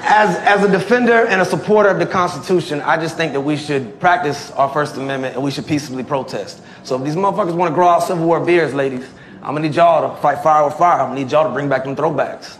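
A man in his forties from Virginia doing a stand-up comedy set, brash and profane with loud outbursts. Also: on the high side, fast talker. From Tidewater, Virginia, USA. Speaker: stand-up comedian, military veteran. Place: comedy club stage. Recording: roomy club with audience laughter. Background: crowd laughing and clapping.

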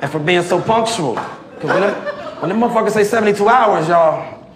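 A man in his forties from Virginia does profane stand-up on a club stage. His voice sits high for a man, and he breaks into loud bursts and laughs through his punchlines. The room echoes and a big crowd laughs around him. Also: expressive, fairly quick. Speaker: stand-up comedian and military veteran. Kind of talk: stand-up comedy set. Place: comedy club stage before a live audience.

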